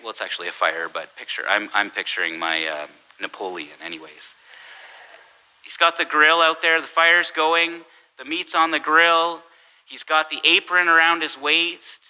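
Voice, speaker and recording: A man's voice: medium pitch, bright, forceful tone, rough recording. A man preaching a sermon in a conversational way, often restarting phrases and checking in with "right?". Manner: conversational, self-correcting, tells jokes with quoted voices; repeats words and asks "right?". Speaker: pastor. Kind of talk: sermon with humorous story.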